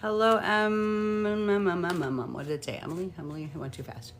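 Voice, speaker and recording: A woman's voice: fairly low pitch, steady tone, fairly quick, vocal fry, slight background noise. A middle-aged woman reading tarot cards on a live stream, chatting casually, greeting viewers by name and muttering asides to herself. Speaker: tarot card reader.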